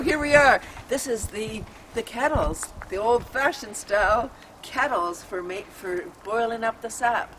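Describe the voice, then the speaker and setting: A woman's voice: fairly high pitch, a little slow, hardly any pauses, fairly bright tone. A woman hosting an outdoor tour vlog in a maple forest, bubbly and exclaiming, laughing often and leading breathing exercises. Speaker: host. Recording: distant mic, faint outdoor hum.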